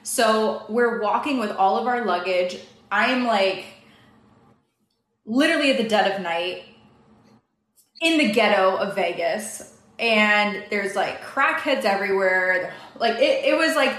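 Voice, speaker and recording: A young woman from Canada, a guest telling a story in a casual, animated way, quick and full of "like" fillers. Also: medium pitch. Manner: fast, animated, many "like" fillers. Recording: echoey room.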